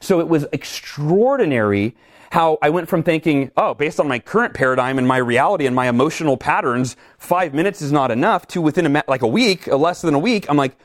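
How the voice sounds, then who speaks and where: A middle-aged man talking in an interview, energetic and animated, acting out his own reactions as he tells stories. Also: on the high side, brisk. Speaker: guest speaker. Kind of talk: conversational interview, storytelling.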